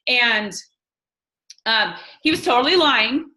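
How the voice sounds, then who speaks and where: A woman in her thirties tells her team a personal story and coaches them. Her voice sits fairly high and sounds bright and forceful. She talks candidly and emphatically, with lots of fillers. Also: normal speed, low-quality recording. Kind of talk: personal story and motivational talk.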